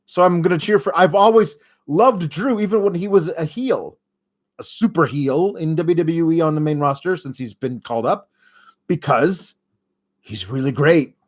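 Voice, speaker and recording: A young man hosts a casual wrestling recap podcast, talking a little higher than most men do. He is sarcastic throughout and mocks the people he talks about. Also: normal speed. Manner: sarcastic, mocking impressions of wrestlers. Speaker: podcast host.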